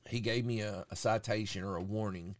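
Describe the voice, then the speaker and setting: A man's voice: on the low side, fairly quick, no echo. A man hosting a podcast, casually telling a profane story and acting out what people said. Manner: profane, animated storyteller who acts out quotes. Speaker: podcast host.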